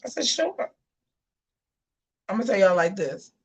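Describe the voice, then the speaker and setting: A woman hosting a casual live show. She tells a story in a sassy, animated way and keeps calling her viewers y'all. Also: mid-range voice, very fast. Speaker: host of a live gossip and commentary show.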